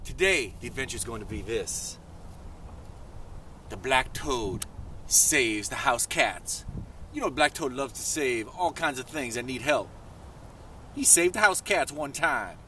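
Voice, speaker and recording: Lively man telling a children's story. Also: measured pace, long pauses, distant mic, slight background noise. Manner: lively, swoops high in pitch for excited questions. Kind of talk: animated children's story narration.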